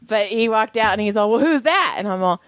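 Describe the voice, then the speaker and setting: A woman's voice: mid-range voice, animated, fairly quick, a bit bright, clean tone, no room sound. A woman co-hosting a podcast, chatting bluntly with profane, teasing banter. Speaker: podcast co-host. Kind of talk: casual chat.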